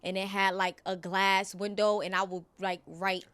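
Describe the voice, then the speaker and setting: A woman rapper talking casually as an interview guest, relaxed and reflective, with a slangy way of speaking. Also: medium pitch, normal speed, clean tone, dry recording.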